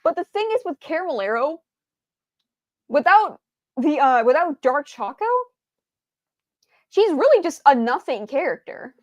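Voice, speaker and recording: A woman's voice: high voice, sing-song, measured pace, pauses often, dry recording, clean studio sound. A woman streamer chatting casually, rambling with many fillers and restarts, stumbling over her words and answering viewers' chat.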